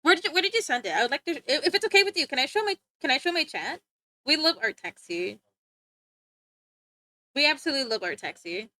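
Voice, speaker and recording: A woman's voice: sits high, lively intonation, fast, long pauses, pushed and bright, dry recording. A woman streaming live, chatting casually with her viewers, often giggling and talking back to chat. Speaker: livestreamer.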